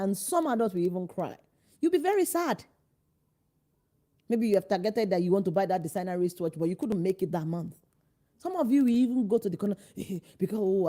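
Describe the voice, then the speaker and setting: Woman, parenting coach; warm, mellow tone; emphatic, direct, asks the listener questions. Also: mid-range voice. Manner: acts out parents' and children's lines in changed voices. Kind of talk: instructional talk to parents.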